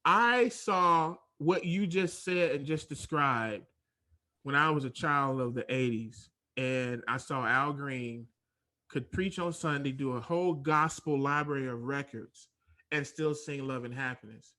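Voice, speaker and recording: A man's voice: mid-range voice, sharp tone. A man hosting a podcast, making his points in an earnest, emphatic way during a casual chat. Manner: earnest, emphatic, talks in quick bursts. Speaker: podcast host. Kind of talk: casual conversation.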